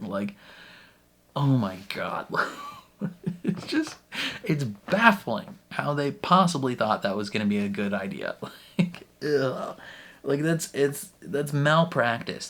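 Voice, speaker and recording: A man hosting a reaction vlog in casual, animated talk, laughing between phrases and leaning heavily on "like" as a filler. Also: mid-range voice. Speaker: reaction channel host.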